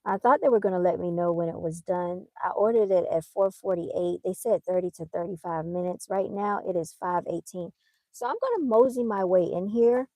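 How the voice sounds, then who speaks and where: A woman telling a story on a casual livestream, animated, talking straight to her viewers into a phone. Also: on the low side, moderate pace, no echo. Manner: animated, addresses viewers as "y'all". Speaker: vlogger. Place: outdoors by a car, then moving inside.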